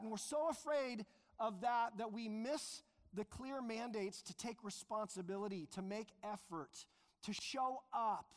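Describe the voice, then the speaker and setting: A man preaching a sermon as pastor, earnest and emphatic, slowing down to stress key phrases. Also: high voice. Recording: long reverb of a large hall.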